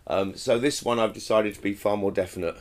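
A man with a fairly low voice chats on a podcast while he has a cold. He mocks himself lightly and laughs often as he talks. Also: fairly even intonation, a little fast. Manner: chatty, self-mocking, laughs often. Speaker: podcast co-host. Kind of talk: casual chat.

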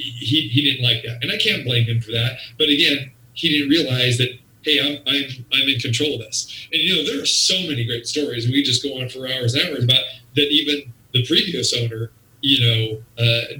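Man, casual storyteller, very bright tone, echoey room, sits back from the mic. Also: medium pitch, moderate pace, hardly any pauses, far from the mic. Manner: rambling, repeats "you know" and "again". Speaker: guest.

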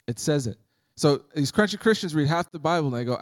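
A man's voice: fairly high pitch, animated, quick pace, dry recording. A man preaching a sermon as pastor, conversational and humorous, acting out Bible scenes.

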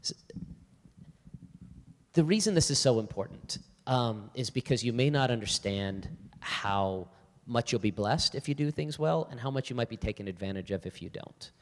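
A man's voice: mid-range voice, moderate pace. A male pastor speaks to a live audience in a church hall, his voice sitting in the middle range. He tells stories with energy and acts out both sides of a conversation. The long reverb of the hall hangs behind every line. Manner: animated storyteller, acts out both sides of a dialogue. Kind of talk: church talk with storytelling.

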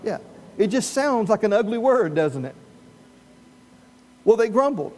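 A man preaching a sermon as pastor, animated and humorous, prompting the congregation with questions. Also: high-pitched, a little slow.

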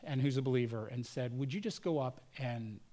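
A man's voice: mid-range voice, fairly quick, warm tone. A man preaching a sermon as pastor, telling personal stories and acting out the voices of the people in them. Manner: storytelling, acts out quoted voices. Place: church.

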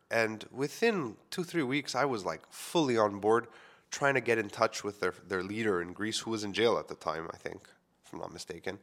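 Podcast host, thirties, from Quebec; lowish, loose storyteller who rambles with fillers. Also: male voice, normal speed, a bit bright. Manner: casual, rambling, many "like" fillers. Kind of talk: personal storytelling.

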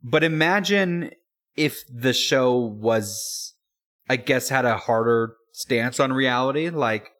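A man's voice: medium pitch, takes it slowly, a bit bright. A man co-hosting a podcast, chatting casually, rambling with many restarts and frequent laughs. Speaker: podcast co-host. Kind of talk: casual chat.

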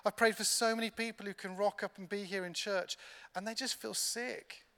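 A man's voice: sits high, steady tone, normal speed, creaky, pushed and bright, smooth. A man preaching a sermon as a pastor in church, telling stories with humor and poking fun at himself. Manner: humorous, self-deprecating storytelling. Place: large church hall. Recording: long hall reverb from a church.

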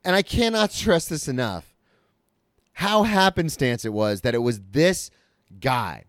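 Smooth-voiced man telling a story casually. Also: on the high side, animated, fairly bright tone, no echo, clean studio sound. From Florida, US. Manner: loose and profane, with quick self-corrections. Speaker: comedian and podcast host.

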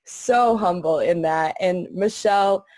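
A young woman with a lowish, dry, close voice speaks over a video call. She gushes about her friends, filling her sentences with "like.". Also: measured pace, darkish tone, no room sound. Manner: gushing, says "like" a lot. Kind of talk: heartfelt casual tribute.

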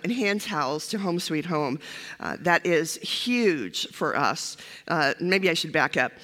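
An older former pastor, preaching as a guest in a church sanctuary, delivers a funny, chatty sermon full of fillers and jokes at her own expense. Her voice is fairly low and sharp, echoing with the reverb of the church hall.

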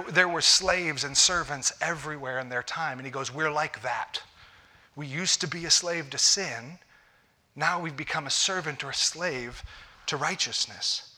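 Bright-voiced man preaching a sermon. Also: fairly high pitch. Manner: conversational preaching with repeated restarts. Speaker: pastor.

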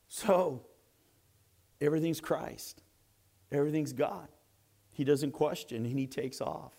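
A man preaching a sermon as a story, animated and swinging between hushed and loud. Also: a little high.

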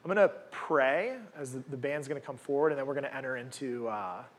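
A man's voice: mid-range voice, fast talker. A man in his forties giving a casual, conversational sermon at a church gathering, full of rhetorical questions and tag "right?"s. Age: 40s. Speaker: guest preacher.

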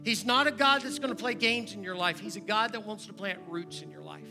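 A man preaching a sermon in a church and leading an invitation, swinging between loud urgent appeals and hushed prayerful moments. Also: high-pitched, brisk, gravelly, music in the background. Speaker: guest preacher, church member. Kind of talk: sermon with altar call. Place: church sanctuary.

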